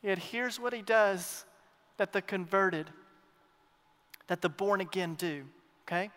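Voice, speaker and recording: A man preaching a sermon as pastor, emphatic, swinging between loud declarations and hushed asides, repeating his phrases. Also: sits high, takes it slowly. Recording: long reverb of a large hall.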